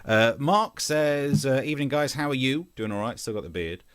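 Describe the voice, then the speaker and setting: A man's voice: mid-range voice, expressive, moderate pace, a bit bright, clean tone, dry recording. A man co-hosting a casual comedy news chat, joking, laughing and reading out viewer messages. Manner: jokey, laughs often, reads viewer messages. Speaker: co-host of comedy news show.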